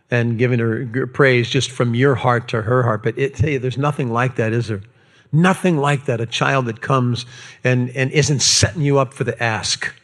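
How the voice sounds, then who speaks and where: A man preaching a sermon as pastor, animated and acting out quoted voices. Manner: animated, acts out quotes with raised pitch.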